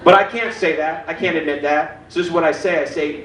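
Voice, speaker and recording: A self-deprecating stand-up comic in his forties works a club stage in a fairly high voice. He is heard from a little way off the mic, in a roomy room with a faint hum of ambience behind. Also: steady tone, brisk, few pauses, a bit bright, far from the mic. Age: 40s. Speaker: stand-up comedian. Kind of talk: stand-up comedy set. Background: audience laughter.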